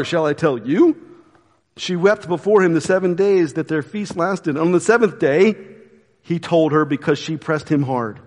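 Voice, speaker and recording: A pastor preaching a sermon in a casual, conversational way with quick asides. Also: male voice, a little high, in a large hall. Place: church.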